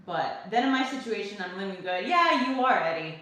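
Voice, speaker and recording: Young woman host, from California, lively swearing rants to chat; very echoey room. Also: medium pitch, fairly quick. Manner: ranting, animated, swears freely. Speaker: livestream host. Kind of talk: casual livestream chat reading comments. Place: home kitchen.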